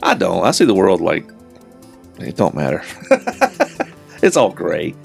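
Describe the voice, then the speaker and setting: A man's voice: deep voice, wildly swooping pitch, slow, gravelly, faint music behind. A middle-aged man with a Southern American accent, joking and rambling as a podcast co-host. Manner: rambling, jokey, plays voices in quotes. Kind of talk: casual podcast banter.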